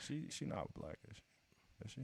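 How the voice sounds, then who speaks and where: A man co-hosting a podcast in loud, joking casual chat. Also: fairly quick. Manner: loud joking banter, swearing. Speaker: podcast co-host.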